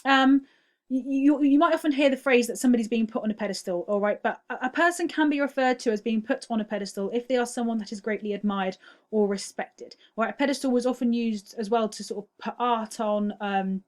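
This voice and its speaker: A woman's voice: fairly high pitch, a little fast, darkish tone. A young woman teaching a recorded online lesson, patient and explanatory, often checking "all right?" with many ums.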